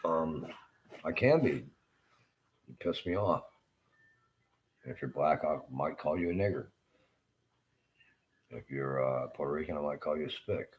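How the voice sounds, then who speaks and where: A middle-aged man with a Southern American accent, delivering a rambling monologue rant that is blunt and profane and full of halting fillers. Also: rumbling low, poor audio. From Southern United States.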